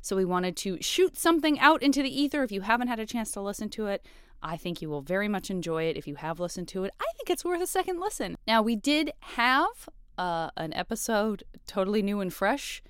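A woman's voice: mid-range voice, sing-song, brisk, clean tone. A woman with a General American accent hosting a podcast, chatting casually and rambling with self-deprecating humor. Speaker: podcast host. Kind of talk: casual chat.

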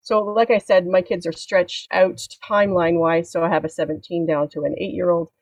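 A woman in her forties, a podcast guest, talking about parenting in a wry, frank, halting casual chat. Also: lowish voice, steady tone, a little mellow, dry recording, rough recording.

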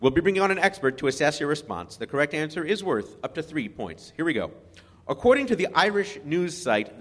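A man hosts a comedy quiz, wry and quick to laugh. His voice is high and bright and swings widely. The stage has long reverb and faint noise. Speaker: quiz show host.

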